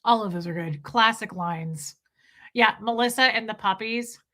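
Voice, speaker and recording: A woman's voice: mid-range voice, normal speed, sharp tone. A woman hosting a livestream, chatting casually with viewers, reading their comments and gushing over favorite films. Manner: gushing and exclamatory, quoting film lines. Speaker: livestream host.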